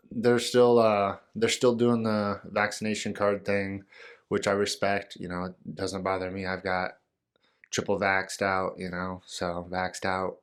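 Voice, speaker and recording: Low-voiced rambling male podcast host. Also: smooth. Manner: rambling, joking, many fillers. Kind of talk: casual solo podcast talk.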